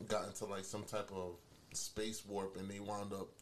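A man's voice: on the low side, level tone, normal speed, a little hiss or hum. A man as a guest on a casual podcast, rambling in profane slang.

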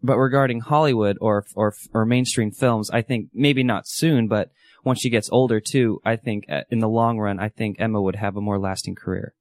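A man's voice: fairly low pitch, steady tone, normal speed, no echo, clean studio sound. A man co-hosting a casual chat, offering opinions hesitantly with many fillers. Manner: hesitant, lots of "I think" and "like".

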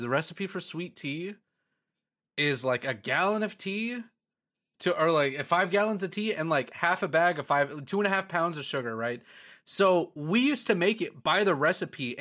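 A man, co-hosting a podcast and telling animated stories with frequent laughter. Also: on the high side. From Texas. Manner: animated storyteller, laughs often. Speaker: podcast co-host. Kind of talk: casual chat.

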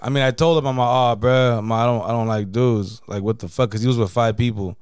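A man's voice: medium pitch, steady tone, quick pace, darkish tone, clear, resonant tone, dry recording, studio quality. A man telling a story in casual podcast chat, slangy and profane, filling his talk with "you know what I mean.". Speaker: podcast co-host.

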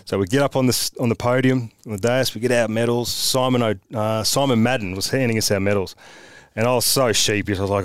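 A man's voice: lowish voice, fast talker, clear, resonant tone, no echo. Dry-voiced Australian man telling blunt stories. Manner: animated, blunt anecdotes with mild swearing. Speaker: podcast guest, former footballer. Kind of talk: casual storytelling chat.

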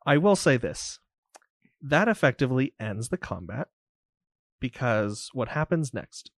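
A man's voice: medium pitch, very animated, a little slow, no echo, clean studio sound. A man narrating a tabletop game as game master, describing scenes vividly with casual fillers.

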